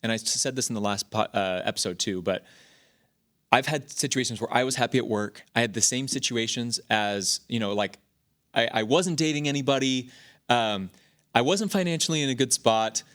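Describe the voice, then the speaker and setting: A man in his thirties talks through personal stories on his own podcast. He rambles in a casual, animated way, restarting sentences and leaning on fillers, his pitch sitting right in the middle range for a man. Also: moderate pace. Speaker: podcast host. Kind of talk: casual talk.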